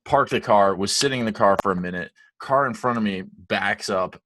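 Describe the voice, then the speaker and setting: Low-voiced man, dry close sound. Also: a little fast, no echo. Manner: animated storyteller, laughs often, swears freely. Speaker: podcast co-host. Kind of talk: casual chat.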